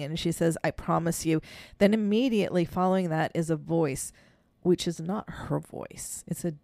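A woman's voice: fairly low pitch, gravelly, no echo. A woman co-hosting a podcast, telling a story in casual chat, laughing often and acting out what people said. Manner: animated storyteller, laughs often, acts out quotes. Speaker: podcast co-host.

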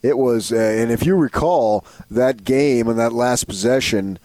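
A man co-hosts a sports radio show in a casual, enthusiastic chat. He rambles and repeats himself, with a mid-range pitch. The studio sound is dry and close. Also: a little slow, a little mellow, no echo.

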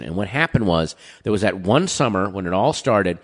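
A man in a casual chat, rambling through stories with quick asides, his throat dry so he keeps clearing it. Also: low voice, expressive. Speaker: podcast guest.

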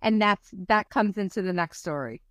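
Woman guest, rambling storyteller, dry close sound, mid pitch. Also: lively intonation, moderate pace, a bit bright, no echo. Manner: rambling, fillers like "like". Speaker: podcast guest. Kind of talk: casual storytelling.

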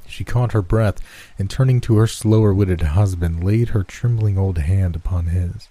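Deep, husky male horror narrator. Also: normal speed, dark tone. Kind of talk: scripted horror story reading.

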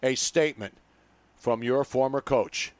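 A man's voice: medium pitch, a little slow, clear, resonant tone, no room sound. A man hosting a sports talk radio show, bantering in a boisterous, joking, rambling way.

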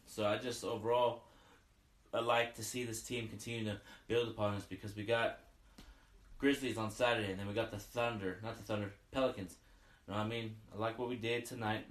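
A man giving a casual, excited fan recap of a basketball game, as a sports podcaster who keeps saying "you know what I mean.". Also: mid-range voice, roomy sound.

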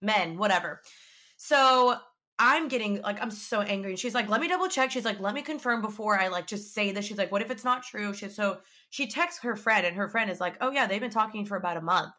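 Bright-voiced young woman telling a story. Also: mid-range voice, fairly quick. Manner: chatty, animated, lots of "like" and acted-out quotes. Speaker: vlogger. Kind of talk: casual storytelling.

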